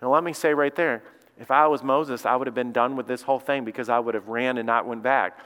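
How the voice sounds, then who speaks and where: A man's voice: medium pitch, a little fast, clean tone. A man from Alabama, preaching a sermon as lead pastor and telling stories in a folksy way. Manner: folksy storytelling, voice rising when excited. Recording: long hall reverb.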